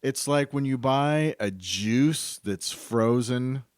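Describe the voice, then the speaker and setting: A man's voice: mid-range voice, takes it slowly, no echo, clean studio sound. A man hosting a podcast, talking in a rambling, enthusiastic, chatty way. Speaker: podcast host. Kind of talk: casual podcast monologue.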